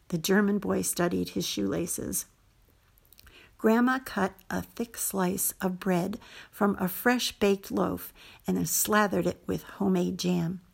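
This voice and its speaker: Gravelly-voiced woman reading a story aloud. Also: lowish voice, steady tone, measured pace. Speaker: host and story reader. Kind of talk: scripted story narration.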